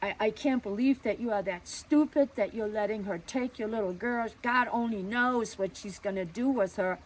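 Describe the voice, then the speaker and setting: A woman's voice: mid-range voice, normal speed, lightly acted, poor audio. A woman retelling a story, voicing a neighbor woman who accuses her family in a scandalized tone.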